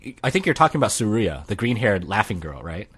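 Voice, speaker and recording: A man's voice: on the low side, big pitch swings, quick pace, a bit bright. A man co-hosting a casual anime podcast, rambling and laughing often. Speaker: podcast co-host. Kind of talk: casual chat about anime.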